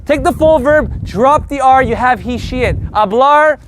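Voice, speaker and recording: A man's voice: very high voice, measured pace, fairly bright tone, a little hiss or hum. A man teaching a casual live Spanish group lesson, brash and joking, swearing casually as he explains.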